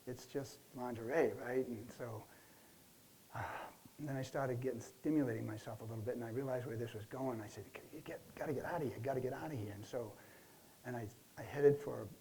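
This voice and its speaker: A man playing a stressed client in a counseling role-play, telling his story haltingly with many restarts and fillers. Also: mid-range voice, warm tone, slight background noise, close to an everyday voice, rough recording. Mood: ashamed. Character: stressed middle-aged man recounting a relapse.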